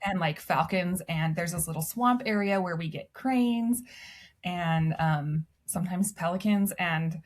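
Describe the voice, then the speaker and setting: A woman's voice: lowish voice, a little slow. A woman in her thirties, a podcast guest, telling stories in casual chat and laughing often. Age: 30s. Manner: chatty storyteller, laughs often.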